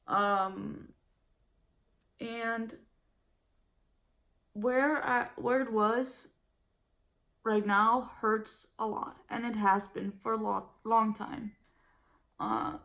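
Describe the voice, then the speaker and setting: Her voice sits on the high side and sounds a bit bright. She's a Danish vlogger in her twenties, a native speaker, casually venting to camera while tired and nauseous, profane and blunt, with raised voices whenever she quotes someone.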